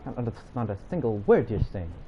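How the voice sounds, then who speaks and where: A man's voice: lowish voice, big pitch swings, fairly quick. A young man, streaming a racing game and trading teasing, jokey banter with his chat. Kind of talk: live gameplay chat with viewers. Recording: slightly dull audio with music behind.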